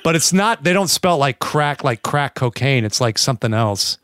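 A man's voice: medium pitch, animated, normal speed, fairly bright tone, clear, resonant tone, no room sound, clean studio sound. An American man co-hosting a podcast, rambling in casual chat, swearing freely and slipping into playful mock accents. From United States. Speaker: podcast co-host.

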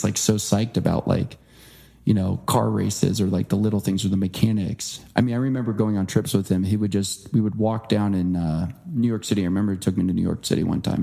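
Male interview guest, low mellow voice with some fry, earnest storyteller. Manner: earnest, animated impressions when quoting. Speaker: guest author.

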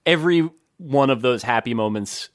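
A man co-hosting a podcast, chatting casually and making wry, deadpan jokes. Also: medium pitch, moderate pace, no echo, clean studio sound. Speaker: podcast co-host.

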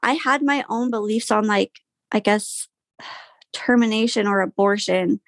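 A woman's voice: medium pitch, measured pace, creaky, dry recording, studio quality. A young woman guest telling a personal story in casual conversation, candid, with frequent fillers and sighs.

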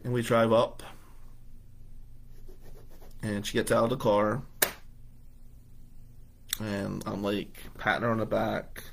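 Animated man telling a personal story. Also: on the low side, takes it slowly, vocal fry, pauses often. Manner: animated, conversational, acts out dialogue. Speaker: radio host.

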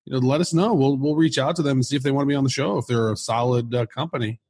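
A man's voice: mid-range voice, fairly even intonation, fast talker, darkish tone, slightly rough. Upbeat male podcast co-host. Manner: friendly, upbeat, direct to listeners. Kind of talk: casual podcast chat.

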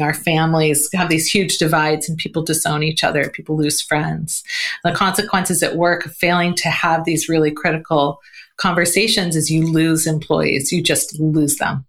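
A woman talking as a guest on a podcast interview, animated and laughing often, with lots of "um" and "you know". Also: low voice. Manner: animated, acts out quoted voices, laughs often; frequent fillers like "um" and "you know". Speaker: guest, communication coach.

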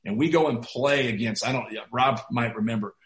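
A man's voice: medium pitch, fairly quick. A middle-aged man, a college basketball head coach, telling stories in a casual podcast interview, rambling with many "like"s and poking fun at himself. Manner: rambling, heavy use of "like", self-deprecating. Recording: roomy echo.

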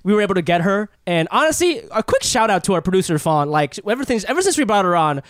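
A man co-hosting a podcast in casual chat, animated and laughing, with stammering restarts. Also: high-pitched, fast talker, dry recording, studio quality. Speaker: podcast co-host.

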